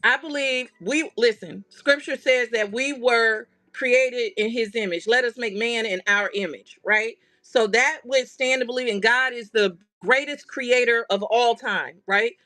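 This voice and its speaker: A woman's voice: a little high, unhurried, hardly any pauses, sharp tone. A woman hosting a craft livestream, chatting casually and animatedly straight to her viewers.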